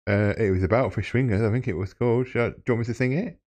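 A man's voice: lowish voice, very fast, darkish tone. A young man, cheekily trolling a phone host with mock-serious banter and then plugging his channel in a casual way. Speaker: prank caller and channel host. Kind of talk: casual prank phone call and channel plug.

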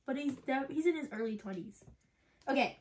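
A young woman vlogger chatting excitedly to camera, often calling out to her viewers. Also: high-pitched, fairly quick. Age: young adult. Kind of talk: casual chat to camera.

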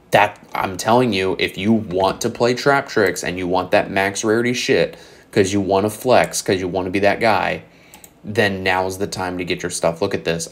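A young man hosting his own channel, giving blunt, sarcastic commentary on card prices in a casual way, a little hoarse as he says he is losing his voice. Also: sits low. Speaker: channel host.

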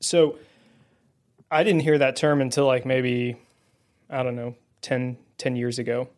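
A guest co-host on a faith podcast speaks a little slowly in a mid-range voice with a darkish tone and little pitch movement. He's friendly and self-deprecating in the casual talk, leaning on plenty of fillers, and sits close to the mic.

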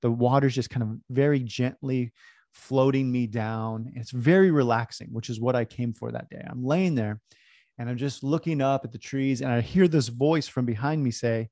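Animated man telling a story, dry sound. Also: mid-range voice, moderate pace, dry recording. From California. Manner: animated, self-deprecating storyteller. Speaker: speaker. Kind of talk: storytelling talk.

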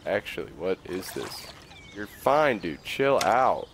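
A young man giving casual commentary on a fishing game, excitable, swearing and coaxing the fish along. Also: deep voice, takes it slowly, noisy background. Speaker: gaming video creator.

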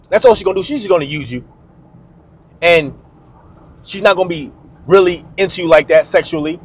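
High-voiced blunt man giving advice. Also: fairly quick, long pauses, husky. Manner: blunt, slangy, emphatic and repetitive. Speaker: dating advice host. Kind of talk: direct-to-camera advice monologue.

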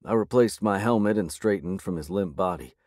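A man reading a first-person audiobook in a measured, gritty way. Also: sits low, a little mellow, no room sound, clean studio sound. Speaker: audiobook narrator.

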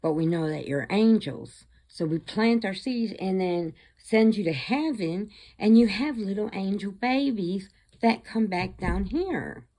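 A woman voicing a slow, simple-minded and creepy younger hillbilly brother in a retold horror film, drawling her words. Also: medium pitch, lively intonation, dark tone, voice pushed up. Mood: creepy, earnest.

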